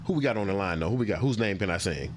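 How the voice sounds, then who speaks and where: Animated male talk-show host. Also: on the low side, racing, slight background noise. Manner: animated, riffing and joking. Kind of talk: casual talk-show chat.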